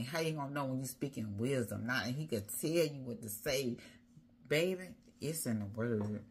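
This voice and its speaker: A woman's voice: very deep voice, slightly rough. A woman preaching a sermon as a prophetess, rhythmic and repetitive, building her points through repeated phrases.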